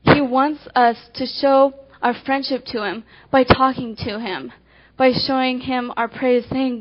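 Woman, high voice, animated devotional speaker acting out illustrations; muffled lo-fi recording. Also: a little hiss or hum. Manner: animated storytelling, swinging between quick and slow emphasis. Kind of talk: devotional talk with acted illustrations. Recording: dull lo-fi recording.

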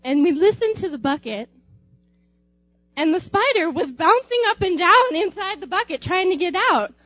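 A young woman telling a personal anecdote aloud in an animated way, laughing often and acting out screams. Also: extremely high pitch, moderate pace, no echo, muffled recording. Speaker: storyteller.

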